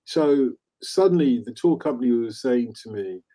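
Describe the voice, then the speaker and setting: A man in his fifties hosting a casual chat, telling animated stories and laughing easily. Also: mid-range voice, moderate pace. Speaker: host.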